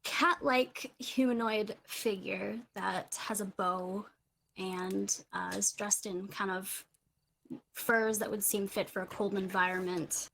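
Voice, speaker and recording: A woman's voice: mid-range voice, steady tone, takes it slowly, vocal fry, a bit bright, slight background noise. Woman game master, chill narration, laughs a lot. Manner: casual, often laughing, many fillers.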